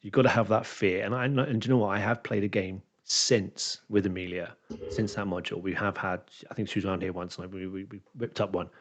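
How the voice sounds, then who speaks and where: A brisk, low-voiced man with slight background noise behind him. He's a dungeon master and podcast co-host telling a game story in casual chat, animatedly performing his players' words, on dull lo-fi audio.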